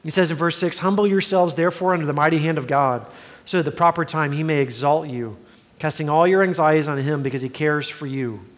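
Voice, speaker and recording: A man's voice: fairly high pitch, brisk, in a large hall. A man in his forties preaching a sermon as a pastor, earnest and conversational with self-deprecating humor.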